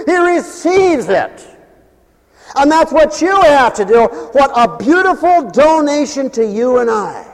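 A man's voice: extremely high pitch, big pitch swings, slow, pauses often, big-room sound, rough recording. A man preaching a radio sermon in an emphatic, folksy manner, acting out voices as he goes.

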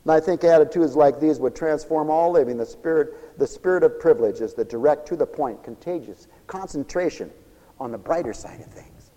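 A man preaches with a somewhat high, wildly swinging voice that climbs from quiet asides to ringing cries. He tells his stories by playing every character's lines himself. The sound rings with a long hall reverb. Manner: storytelling with acted-out quoted dialogue, swinging from hushed to fervent cries. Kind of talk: sermon.

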